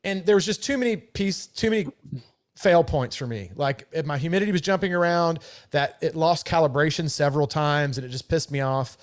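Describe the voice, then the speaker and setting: A man's voice: on the high side, fairly quick. A middle-aged man co-hosting a live podcast in casual, talkative chat, swearing freely and laughing easily. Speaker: podcast co-host.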